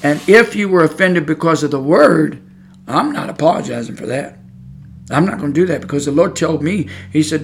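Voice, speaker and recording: Excitable preacher, gravelly voice. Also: male voice, fairly high pitch, moderate pace, slight background noise. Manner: conversational, repeats himself. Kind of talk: podcast sermon.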